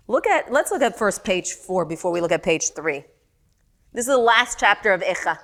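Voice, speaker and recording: A middle-aged woman teaching a text-study class, animated and questioning her students. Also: mid-range voice, normal speed.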